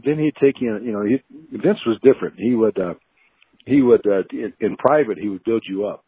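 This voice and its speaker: This older man, formerly a football player, rambles through interview stories, chuckling and using many fillers, on a tinny phone line. His low voice is expressive, brisk and slightly rough, and the recording is dry.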